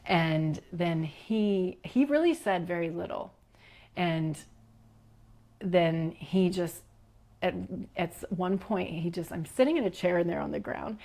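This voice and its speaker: A middle-aged woman with a low, gravelly voice shares a personal story as a podcast guest. She tells it in an animated way, acts out what others said, and sometimes drops into a whisper. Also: slow.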